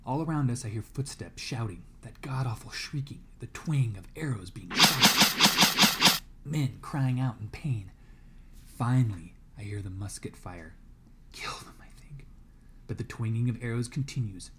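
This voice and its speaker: A man's voice: mid-range voice, measured pace, background noise. A man reading a novel aloud to a class as a guest reader, dramatic and dropping to a whisper in tense moments.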